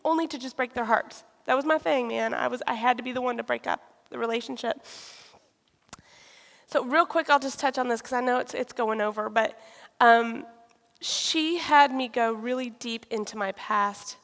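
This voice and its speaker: A woman giving a personal testimony, telling her story in a lively way and acting out conversations. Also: on the high side, normal speed, vocal fry. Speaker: speaker sharing a personal testimony. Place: church sanctuary. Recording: reverberant hall.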